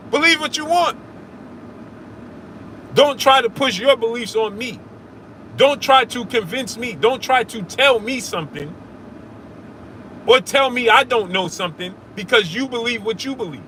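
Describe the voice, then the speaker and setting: Combative high-voiced man arguing with chat. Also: sharp tone, a little hiss or hum. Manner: argumentative, repeats himself, calls listeners brother. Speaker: sports show host answering live chat. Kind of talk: heated casual live-stream talk.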